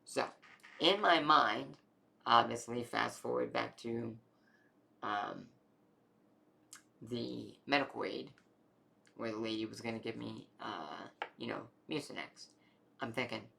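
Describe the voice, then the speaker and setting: A young adult man casually telling a long personal health story, rambling and animated, with many fillers. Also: mid-range voice, measured pace, creaky, long pauses.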